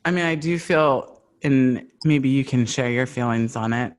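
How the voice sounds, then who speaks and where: A man's voice: medium pitch, a little slow, clean tone. Earnest man hosting a podcast chat. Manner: earnest, conversational, asks open questions. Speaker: podcast host. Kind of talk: casual podcast conversation.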